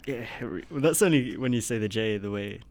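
A man's voice: medium pitch, expressive, a little fast. A young man from Sweden, a podcast guest in a laid-back casual chat, giving short, easygoing replies.

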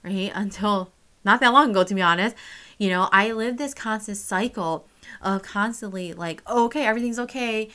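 Bright-voiced young woman, candid and casual. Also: mid-range voice, normal speed. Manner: candid, casual, swears freely, many fillers. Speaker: vlogger. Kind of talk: personal storytelling monologue.

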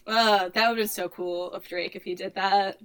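A young woman co-hosting a podcast, chatting casually and gossiping with quick asides. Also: medium pitch, fairly even intonation, a bit bright, clean tone. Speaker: podcast co-host. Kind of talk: casual chat.

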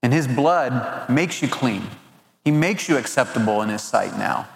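An earnest man preaches at a family camp, his voice sitting at a middle pitch. He often stumbles and repeats words as he searches for them. The sound is roomy, with a long hall reverb trailing behind him. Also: expressive, unhurried, vocal fry. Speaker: camp speaker. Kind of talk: sermon.

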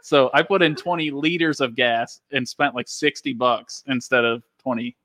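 A man's voice: medium pitch, steady tone, moderate pace, pushed and bright, no echo, studio quality. A young man telling an anecdote in a casual chat, laughing and acting out what people said. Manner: laughing storyteller, acts out quotes. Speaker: storyteller guest.

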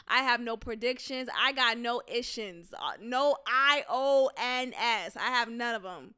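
A woman hosting a solo commentary podcast, talking in an animated, sassy way with mocking rhetorical questions and frequent laughter. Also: a little high, slow pace, hardly any pauses, clean tone. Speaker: podcast host.

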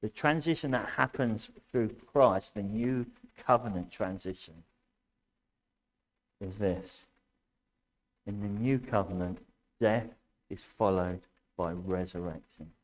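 A man preaching a sermon as pastor to his church, loud and impassioned, asking his congregation questions as he goes. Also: fairly low pitch, slow pace, long pauses. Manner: addresses congregation directly, asks questions.

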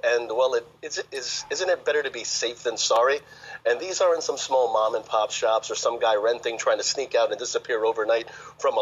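A man's voice: medium pitch, highs cut off, a little hiss or hum. A man reporting as a financial correspondent on a live news link, speaking in a confident, emphatic way.

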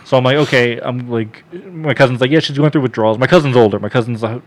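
A man's voice: medium pitch, fast. A man telling a story on a casual podcast, swearing often, laughing, and acting out what people said to him. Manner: profane, laughing, quotes himself and others.

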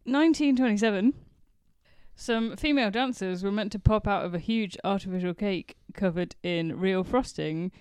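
Casual: english woman on a podcast, laughs a lot telling history facts, smooth clear voice, dry sound. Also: mid-range voice, moderate pace, a little mellow, dry recording. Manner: giggly, enthusiastic storyteller. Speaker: podcast co-host. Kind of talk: casual chat.

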